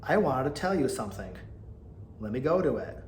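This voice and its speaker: A man in his thirties hosting a solo podcast, chatty and gossipy, swinging between loud outbursts and mumbled asides. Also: big pitch swings, brisk, pauses often. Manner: mocking, mimics others in a high whiny voice. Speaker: podcast host. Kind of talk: casual solo podcast rant. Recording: echoey room with faint background noise.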